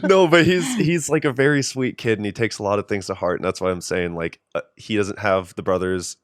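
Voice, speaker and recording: A young man with a fairly low voice chats casually on a podcast, telling personal stories candidly and cursing freely. He is recorded dry and close, with no room sound. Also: fairly quick, dry recording. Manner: candid storytelling, swears freely. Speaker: podcast co-host. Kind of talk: casual chat.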